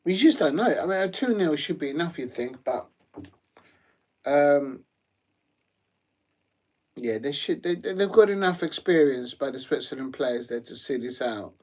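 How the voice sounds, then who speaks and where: A man's voice: on the high side, lively intonation, a little slow, long pauses, a little mellow. A man hosting a live football watch-along, chatty and rambling, with lots of ums and uhs. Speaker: live stream host.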